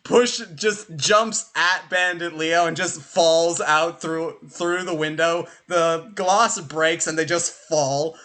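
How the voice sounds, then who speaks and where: Bright-voiced young man running a tabletop game. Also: fairly high pitch. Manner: animated, fast, filler-heavy. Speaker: game master.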